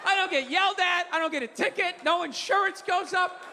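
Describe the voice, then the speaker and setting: A male stand-up comedian ranting profanely in a live set, swinging from mumbled asides to shouting. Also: extremely high pitch, brisk. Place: theater stage before a live audience. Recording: live hall with crowd noise. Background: crowd laughing and applauding.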